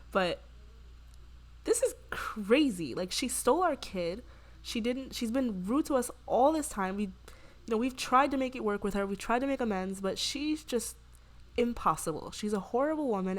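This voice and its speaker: In a mid-range voice, a woman narrates her let's-play like a casual story, chatting away. She retells scenes by quoting the characters in quick little voices and now and then bursts into excited shrieks.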